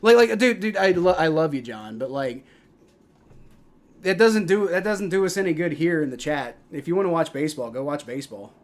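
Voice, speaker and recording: A young man hosting a live football stream, mixing play-by-play calls with casual, profane replies to his chat, loud on big plays and mumbling in between. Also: on the high side, animated, brisk. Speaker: livestream host doing play-by-play.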